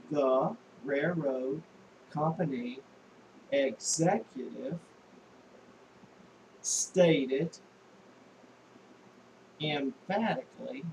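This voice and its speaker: Slow, patient man teaching shorthand. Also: high-pitched, a little mellow, slight background noise, low-quality recording. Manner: slow and patient, spells words out letter by letter; frequent uh fillers and restarts. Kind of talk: spoken demonstration lesson.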